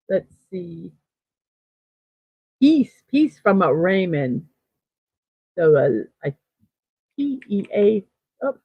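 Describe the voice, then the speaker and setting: A woman's voice: mid-range voice, husky, no echo. A woman hosting a daily morning livestream, chatting casually and reading out viewer comments, upbeat and full of fillers. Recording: tinny phone-like sound, dry.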